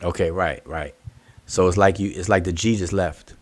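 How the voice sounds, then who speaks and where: Deep-voiced man leading a study hangout. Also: fairly even intonation, moderate pace, no room sound. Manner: explaining patiently, thinking aloud with restarts. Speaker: study group host. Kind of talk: casual online hangout discussion.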